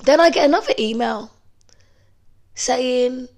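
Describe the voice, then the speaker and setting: A young woman from telling a story to camera in a chatty, animated way, with some swearing. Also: sits high, slow, vocal fry. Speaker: vlogger. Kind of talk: casual storytime.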